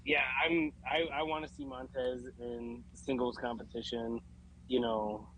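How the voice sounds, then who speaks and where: A man co-hosting a wrestling podcast, giving his opinions in a relaxed, slightly hesitant way. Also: medium pitch, unhurried, slight background noise, low-quality recording. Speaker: podcast co-host. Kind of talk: casual wrestling chat.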